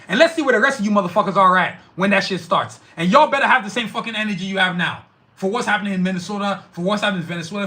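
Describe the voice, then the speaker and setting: A man's voice: sits high, sharp tone. Fired-up, profane man ranting. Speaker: podcast host reading live chat. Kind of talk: heated political rant.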